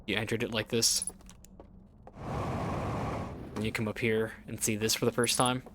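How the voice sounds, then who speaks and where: A man's voice: fairly low pitch, level tone, fast, background noise. A man giving casual gameplay commentary as he plays, thinking aloud and rambling with lots of filler words. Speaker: let's play gamer.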